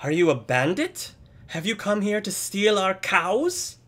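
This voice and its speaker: A man voicing an excitable five-year-old farm boy who asks eager questions in a tabletop game. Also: high voice, unhurried, pitched above the performer's own voice, exaggerated voice. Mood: curious.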